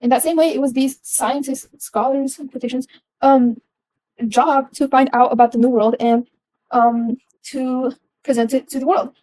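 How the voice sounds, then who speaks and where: A woman's voice: sits high, steady tone, moderate pace, mellow, no echo, low-quality recording. A young adult woman giving a casual explanatory talk, earnest, with frequent ums and restarts.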